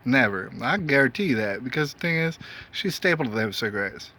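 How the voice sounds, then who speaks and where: A man's voice: medium pitch, animated, brisk, bright, forceful tone. A man hosting his own show, talking in a loose, meandering monologue full of fillers and rhetorical "all right?" checks. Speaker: host. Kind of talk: casual monologue.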